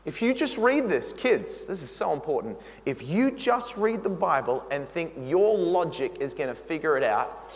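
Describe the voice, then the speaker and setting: Male preacher, high-pitched, emphatic and animated, addressing his congregation; recorded in a reverberant church hall. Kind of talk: sermon. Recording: long reverb in a big hall.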